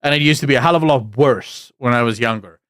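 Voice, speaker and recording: A South African man around forty, with a mixed English accent showing South African traces, hosts a live political commentary stream, speaking bluntly and candidly while rambling with fillers and greeting viewers from the chat. His medium-pitched voice is quick and fairly bright, captured with clean studio sound and no echo.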